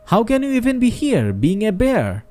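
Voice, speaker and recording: A man's voice: high voice, huge pitch swings, moderate pace, warm tone, faint music behind, pitched above the performer's own voice. A man with a Bangladeshi accent voicing a pompous, stubborn factory president who scolds intensely, in a storybook reading. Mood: scolding.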